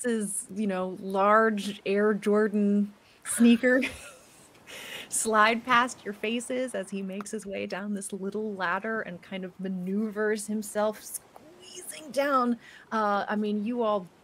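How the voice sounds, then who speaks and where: A woman narrating a tabletop role-playing game as game master, describing scenes in an unhurried way with many fillers and restarts. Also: medium pitch, steady tone, fairly bright tone, a little hiss or hum.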